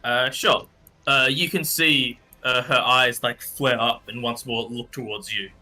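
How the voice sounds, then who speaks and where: Male game master, very bright tone, loose conversational narration. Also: mid-range voice, steady tone, a little slow, soft background music. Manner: loose and conversational, with many fillers.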